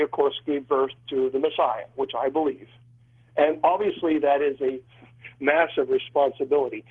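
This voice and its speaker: A man's voice: a little high, breathy edge. A man who is a priest, talking earnestly and with feeling in an interview, often restarting his sentences. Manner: earnest and emotional, with frequent restarts. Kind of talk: telling a personal story in an interview. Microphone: phone call. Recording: tinny phone line.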